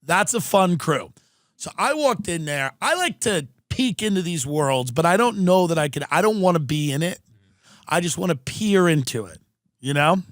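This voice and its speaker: A man's voice: on the high side, normal speed, dry recording, studio quality. A man hosting a podcast, telling comedic stories with profanity and acting out the people he quotes. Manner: animated, profane, mimics people in quoted voices. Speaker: podcast host. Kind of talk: comedic storytelling chat. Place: Southern California.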